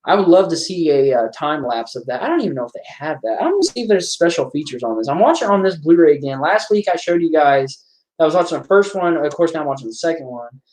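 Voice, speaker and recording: A man's voice: fairly high pitch, sing-song, fast talker, a little mellow. A man giving casual watch-along commentary on a horror film, chatting and reacting aloud to the scenes.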